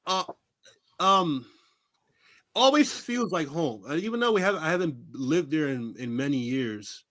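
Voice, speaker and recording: Man from New York City, high voice, very lively pitch, acts out quoted voices, laughs a lot, interview guest. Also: a little slow. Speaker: guest, pro wrestler. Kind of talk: casual interview storytelling.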